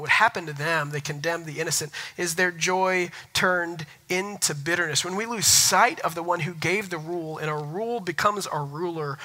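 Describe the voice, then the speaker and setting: A man's voice: a little high, pushed and bright, poor audio. A man preaching a sermon, emphatic, often repeating words for stress. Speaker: pastor.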